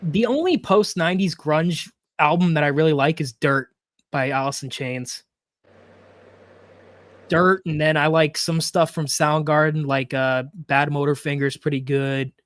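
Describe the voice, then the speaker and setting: A man's voice: fairly high pitch, unhurried, no room sound. A man hosting a casual wrestling podcast, blunt and swearing freely. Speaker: podcast host. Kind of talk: casual chat.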